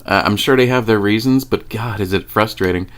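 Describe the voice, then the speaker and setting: A man's voice: fairly low pitch, a little fast. A man telling a story to camera in a casual, profane way, laughing often. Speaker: vlogger.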